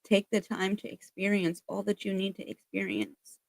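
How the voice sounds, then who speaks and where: A woman's voice: mid-range voice, steady tone, moderate pace, creaky, darkish tone, no echo. A woman giving a casual spiritual tarot reading, earnest and emphatic, swearing freely as she passes on encouraging messages. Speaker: tarot reader.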